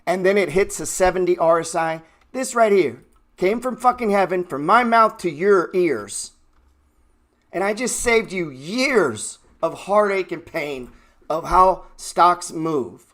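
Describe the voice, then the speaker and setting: Man, trading stream host, profane, heated, ranting, desk mic, slightly high voice. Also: animated, slow pace, a bit bright. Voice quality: blunt, swearing, heated.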